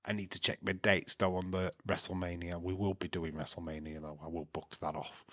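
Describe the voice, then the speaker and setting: A man's voice: low-pitched, flat delivery, fairly quick, few pauses, fairly bright tone. A man hosting a live watch-along stream, chatting casually, laughing and making puns. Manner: chatty and jokey, laughing at his own puns. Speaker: livestream host.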